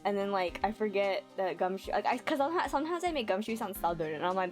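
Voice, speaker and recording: A woman streaming a game, chatting casually and excitably with lots of giggles. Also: mid-range voice, quick pace, hardly any pauses, faint music behind. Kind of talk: casual let's-play commentary.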